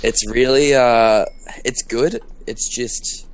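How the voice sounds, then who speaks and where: A man's voice: mid-range voice, steady tone, slow, clean tone. A young man chatting casually while co-hosting a game session, rambling and packing his talk with "like". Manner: rambling, lots of "like" fillers, upbeat. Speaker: gaming co-host.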